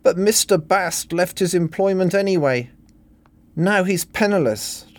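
A man's voice: a little high, unhurried, no room sound, pitched above the performer's own voice. A man putting on a tearful young woman. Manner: tearful, dramatic. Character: emotional, impulsive young woman. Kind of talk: satirical reading.

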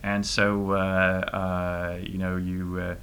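A middle-aged man answering interview questions in a halting way, full of fillers and restarts. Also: low-pitched, monotone, a bit bright, smooth. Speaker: interview guest, private spaceflight trainee.

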